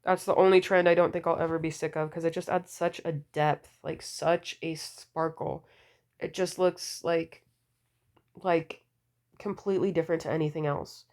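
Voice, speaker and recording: A woman vlogger chatting casually about nail polish, gushing and full of fillers, her voice deepened and a bit slurred from a cold. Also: steady tone, moderate pace, a little mellow. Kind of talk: casual wishlist chat.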